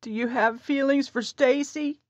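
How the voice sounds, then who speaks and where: An insecure, anxious young heroine, put on by a woman narrator. Her voice lifts higher and pleads, slow and emotional. The sound is dry and a little dull. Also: lively intonation, no room sound. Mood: upset. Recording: dry, slightly dull audio.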